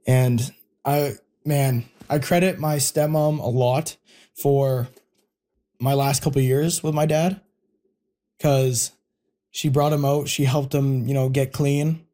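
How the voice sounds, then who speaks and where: A young man telling a personal family story in an interview, casual and heartfelt, pausing often with fillers. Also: medium pitch, steady tone, warm tone. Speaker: guest.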